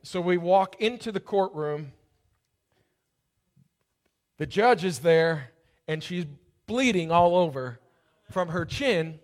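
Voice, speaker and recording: Pastor, male, high-pitched, storytelling sermon that swells into fervent preaching. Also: lively intonation, slow pace, pauses often.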